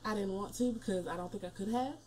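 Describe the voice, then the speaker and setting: A woman's voice: mid-range voice, fast talker, a crowd in the background. A woman co-hosting a podcast from home on a desk mic, chatting casually and laughing often as she teases her co-host. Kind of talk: casual chat. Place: home room. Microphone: desk mic on a stand with headphones.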